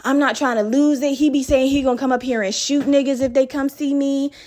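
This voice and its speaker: A woman voicing a chatty young woman nurse who overshares, rambling slowly and packing her talk with fillers. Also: high-pitched, fairly even intonation, a little mellow, voice pushed up, close to an everyday voice. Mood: gossipy. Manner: rambling, drawn-out, filler-heavy.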